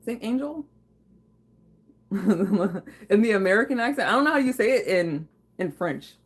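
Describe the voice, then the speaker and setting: A woman's voice: medium pitch, lively intonation, normal speed, husky. A woman hosting a casual livestream from her home kitchen, reading viewer comments, chatting loosely with lots of fillers and swearing. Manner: casual and profane, laughing, chatty with frequent fillers. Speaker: livestream host.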